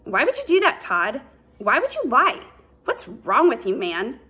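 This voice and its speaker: A woman voicing a quick-tempered teenage boy in an audiobook, heated and accusing. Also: mid-range voice, lively intonation, a bit bright, slightly rough. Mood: angry. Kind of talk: audiobook character voice.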